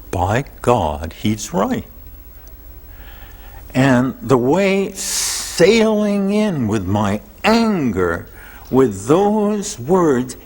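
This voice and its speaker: A man telling a personal story in a slow, thoughtful, expressive way as an interview guest. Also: lowish voice. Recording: long hall reverb.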